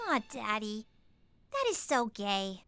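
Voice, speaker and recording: An actress voicing a spoiled, dramatic teenage daughter in an animated comedy, whiny and bratty. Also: female voice, mid-range voice, slow, clean tone, dry recording, faint music behind, heavily acted. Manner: whiny, bratty, swings between pouting and gushing.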